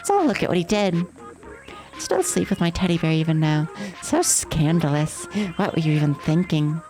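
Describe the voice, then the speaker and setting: A woman's voice: low voice, expressive, moderate pace, a little mellow, faint music behind, rough recording. A woman voicing a gleeful, sadistic female TV game show host in a mocking, theatrical way. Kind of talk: voicing game dialogue on stream.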